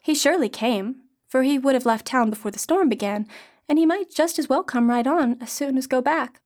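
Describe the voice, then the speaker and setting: A woman's voice: high voice, fairly quick, pitched above the performer's own voice, natural voice. A woman reading the lines of a vain, hot-tempered young woman in a storybook tale. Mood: scornful. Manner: sharp, scornful, then pleading.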